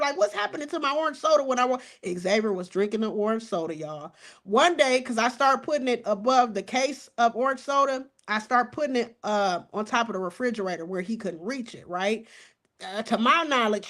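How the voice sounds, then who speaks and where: A woman in her forties giving fired-up casual commentary on a crime case, outspoken and animated, talking straight to her viewers and cussing as she goes. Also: on the high side. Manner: animated, outspoken, cusses and addresses viewers as y'all.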